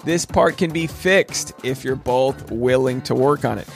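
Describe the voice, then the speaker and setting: A man's voice: medium pitch, unhurried, gravelly, faint music behind. A man hosting a podcast, recapping a reality show in a casual, joking way, with playful asides and mock voices. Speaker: podcast host.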